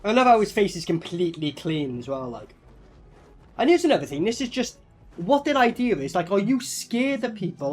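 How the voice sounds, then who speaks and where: A man with a notably high voice reacts to a movie in loose, swear-filled commentary. He rambles through fillers and asides, excitable and blunt, with faint music underneath. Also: moderate pace. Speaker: movie reviewer.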